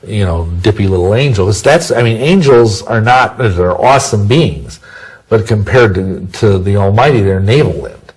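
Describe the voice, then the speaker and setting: A man's voice: lowish voice, a little mellow, slightly rough, low-quality recording. A man answering interview questions in a rambling, self-correcting way, full of folksy sayings. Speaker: interview guest.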